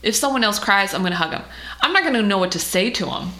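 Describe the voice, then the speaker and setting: A woman's voice: medium pitch, lively intonation, fast talker, pushed and bright. A woman co-hosting a podcast in casual chat, emphatic and repeating words as she builds her point. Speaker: podcast co-host, host's wife. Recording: echoey room.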